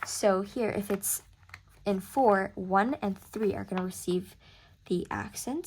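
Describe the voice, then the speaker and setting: A woman's voice: mid-range voice, a little slow, a little mellow, slight background noise. A woman tutoring music theory in a casual lesson, chatty and thinking aloud as she corrects herself. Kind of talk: casual screen-recorded lesson.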